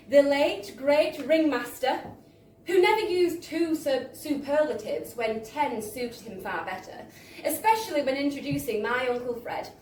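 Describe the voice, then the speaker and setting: Theatrical woman telling a story live. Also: high voice. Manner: playful, theatrical narration. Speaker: reader at a book launch. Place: live bar venue. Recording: roomy room, distant mic, faint crowd hum.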